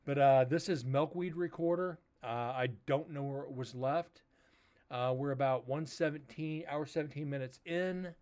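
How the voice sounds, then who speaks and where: A man hosting a paranormal livestream, chatting casually and rambling a little, with a loud voice that he says carries far. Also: fairly high pitch, normal speed. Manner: rambling, laid-back talk with fillers. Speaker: paranormal investigator host.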